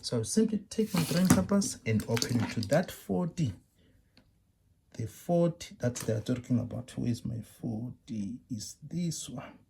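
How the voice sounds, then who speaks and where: During a classroom demonstration lesson, a South African-accented man walks students through technical drawing step by step, repeating himself, frequently asking "you understand?" and scolding typical errors. His mid-range voice has lively intonation, moderate pace and vocal fry, against a noisy background.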